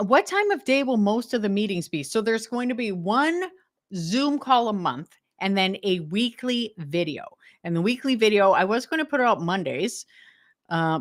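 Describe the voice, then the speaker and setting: Hosting a decluttering livestream, a woman from Western Canada chats with viewers in a casual, enthusiastic way and laughs often. Her Canadian English comes through in a mid-range voice, recorded at studio quality with no room sound.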